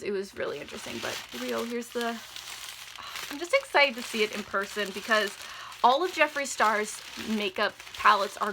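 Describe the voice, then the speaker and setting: Gushing bright-voiced young woman vlogger. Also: fairly high pitch, slight background noise. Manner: chatty and gushing, many "like" fillers, drops to near whispers. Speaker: beauty vlogger. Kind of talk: casual unboxing vlog.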